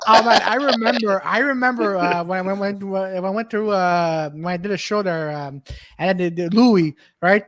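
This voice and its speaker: A man's voice: high voice, normal speed, a bit bright. A man, a comedian, telling rambling stories in casual chat, full of restarts and repeats. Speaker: comedian and podcast co-host.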